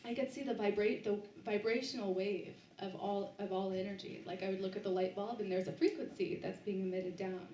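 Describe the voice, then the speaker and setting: Woman, author talk, halting personal story, echoey room, distant mic, faint background ambience. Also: medium pitch, fairly even intonation, mellow, slight background noise. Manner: halting, with frequent restarts and fillers. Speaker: author giving a book talk. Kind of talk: personal story told to a live audience. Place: bookstore event space, indoors.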